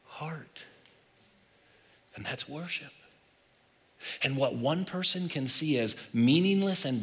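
A man preaching a sermon as pastor, swinging between loud urging and hushed intensity. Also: medium pitch. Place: large church hall. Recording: long reverb of a large hall.

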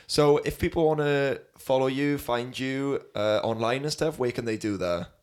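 A man's voice: mid-range voice, moderate pace. A man hosting a casual podcast interview, encouraging his guest with short affirmations. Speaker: podcast host.

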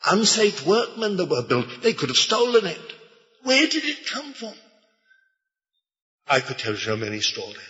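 Older man, preacher, slow unhurried delivery, bright tone, echoey hall, dull lo-fi recording. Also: high voice, big pitch swings. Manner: slow, hesitant, with restarts and fillers. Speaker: preacher giving a testimony. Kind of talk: sermon storytelling.

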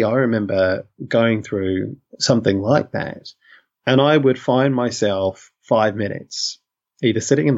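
A man's voice: medium pitch, lo-fi sound. A man from London, a guest in an interview, talking in a thoughtful way that often corrects itself. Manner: thoughtful, self-correcting, uses 'you know' often. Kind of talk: reflective conversational interview.

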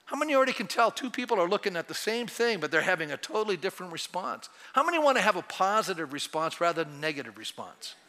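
A male pastor with a high, bright, forceful voice delivers an animated sermon, asking the congregation questions and acting out little quotes. His voice rings out through a church sanctuary with a long hall reverb. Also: fast, hardly any pauses.

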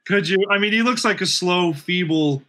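A man's voice: high-pitched, moderate pace, sharp tone. A man co-hosting a casual chat, teasing the host with jokey interjections.

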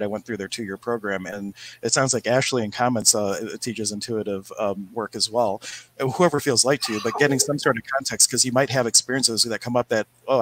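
A man's voice: on the low side, a bit bright, low-quality recording. A man co-hosting a casual chat about spirituality from home, rambling and telling stories. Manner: rambling, storytelling, quick bursts. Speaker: podcast co-host.

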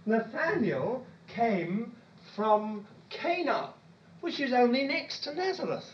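A British man delivers a sermon in a chatty teaching manner, full of asides and self-corrections. His pitch swoops and jumps expressively from phrase to phrase. The recording is dull and lo-fi, missing its top end. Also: animated, slow, slight background noise. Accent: British English. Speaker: preacher.

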